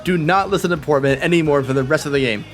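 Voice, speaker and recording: A man voicing a gruff, fired-up football coach who blusters and swears. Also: on the high side, fast, soft background music, close to an everyday voice.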